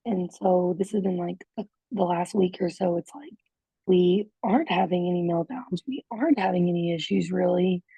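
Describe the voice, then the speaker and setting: Husky, gravelly mother on a dull call. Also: on the low side, moderate pace, warm tone, dry recording. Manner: hesitant, rambling, many fillers. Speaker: parent in coaching group. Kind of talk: casual account on a group call. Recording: dull, dry lo-fi call audio.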